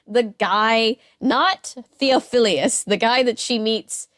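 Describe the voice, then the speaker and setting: Sarcastic woman host, slightly high voice. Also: slow pace, fairly bright tone. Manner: sarcastic, laughs often, many fillers. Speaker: podcast host. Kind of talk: casual chat about a novel.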